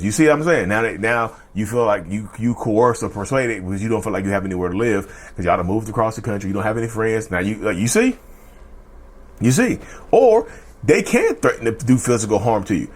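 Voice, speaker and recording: A man's voice: lowish voice, expressive, fast talker. A man hosting a casual talk video who rambles, repeats his phrases and addresses viewers as "y'all.". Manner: acts out short quoted threats in a changed voice. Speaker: mental health video host. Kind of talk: casual explanatory monologue.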